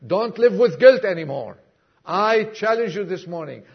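A man preaching a sermon to a congregation, emphatic, acting out dialogue and dropping suddenly to a hush. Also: high-pitched, expressive, moderate pace, creaky, breathy edge, highs cut off. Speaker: pastor. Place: church congregation.

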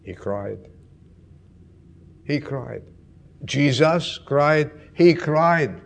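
A man preaching a sermon, swinging between loud questions to the congregation and hushed, almost whispered lines. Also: mid-range voice, creaky.

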